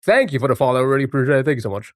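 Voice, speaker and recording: A male streamer talks casually while guessing words, greeting viewers by name and joking with them. His voice sits at an ordinary pitch. The sound is close and dry, from a desk mic. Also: lively intonation, very fast, no echo. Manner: greets chatters by name, chatty and playful. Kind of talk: casual live-stream chat while playing a word game.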